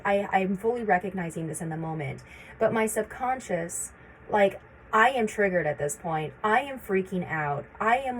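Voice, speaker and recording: A woman's voice: mid-range voice, slight background noise, poor audio. A woman in her thirties telling a personal story to camera, urgent and repetitive as she relives her anxious thoughts. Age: 30s. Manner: urgent, repeats herself, voices her own anxious thoughts. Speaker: vlogger sharing her experience.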